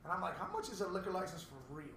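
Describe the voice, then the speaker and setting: Middle-aged man co-host, high, gravelly voice, rapid profane storytelling, set back from the mic in an echoey room. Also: sing-song, a bit bright. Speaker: podcast co-host. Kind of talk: casual chat. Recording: echoey room, mic at a distance, faint noise.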